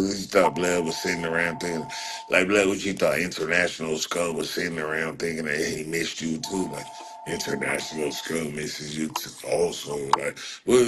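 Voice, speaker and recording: A man's voice: deep voice, noisy background. A man hosting a livestream, reading his chat aloud and mocking the commenters in profane, slangy banter, often laughing. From Southern California. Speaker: livestream host reacting to chat.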